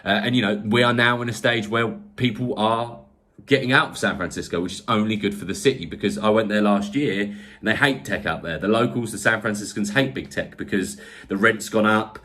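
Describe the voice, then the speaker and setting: A man from England chatting on a tech podcast in a low voice. He rambles easily, stacking fillers and restarting his sentences as he goes. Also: brisk, bright, forceful tone. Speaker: podcast co-host. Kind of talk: casual tech podcast chat.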